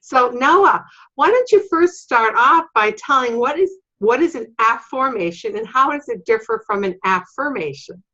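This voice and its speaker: A woman's voice: fairly high pitch, animated, sharp tone. A woman hosting an online summit interview, introducing her guest in an upbeat promotional manner. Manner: upbeat promotional, spells out web address slowly. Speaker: summit host. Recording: dull lo-fi sound.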